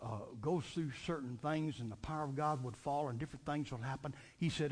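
A man's voice: a little high, brisk, few pauses. A man preaching a fervent Sunday night sermon, repeating and restarting phrases as he builds his points.

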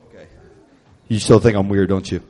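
A man giving a playful, call-and-response children's sermon at a church youth night, teasing and animated. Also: low-pitched, fairly quick. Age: adult. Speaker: children's minister. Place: church youth event hall. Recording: echoey hall reverb.

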